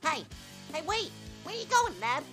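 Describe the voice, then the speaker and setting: A woman's voice: brisk, music in the background. Woman doing a goofy spaced-out stoner guy. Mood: excited. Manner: excitable, giggly, swooping pitch.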